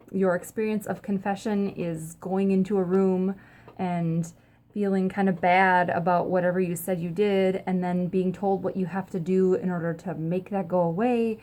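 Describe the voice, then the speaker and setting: A woman pastor talks straight to camera in a relaxed, upbeat teaching style, her pitch sitting in a middle range. She keeps things chatty and friendly, dropping in frequent ums as she explains. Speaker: pastor and host of a short church video series. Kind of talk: casual teaching talk to camera.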